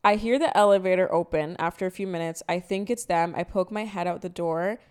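A woman in her twenties co-hosting a podcast, chatting casually and telling animated stories with acted-out quotes. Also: on the low side, brisk, smooth. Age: 20s. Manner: animated storytelling, acts out quotes. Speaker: podcast co-host. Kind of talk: casual chat.

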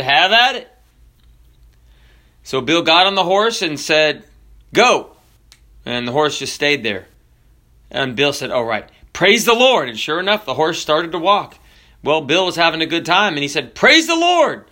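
A man preaching a sermon with jokes and animated storytelling. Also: on the high side. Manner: animated, jokey storytelling with drawn-out emphasis.

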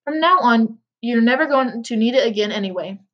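A woman reading as Willy Wonka, brisk old candy maker. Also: on the high side, lively intonation, dull audio.

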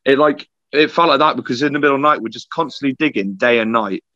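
A young man, a podcast guest, telling army stories in a casual, sweary, animated way. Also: medium pitch, fast talker, dry recording, lo-fi sound. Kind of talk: casual storytelling chat.

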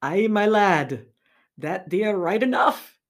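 Woman putting on a gruff dialect-speaking gamekeeper. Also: sits high, lively intonation, takes it slowly, heavily acted. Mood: teasing. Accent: Northern English dialect. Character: rough rural gamekeeper with thick dialect.

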